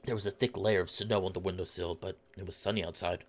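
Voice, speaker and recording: Guy reading as a sarcastic detective, dry n deadpan, game narration. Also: fast talker. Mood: wry. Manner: low, wry, deadpan narration. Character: dry, sarcastic male private investigator narrating.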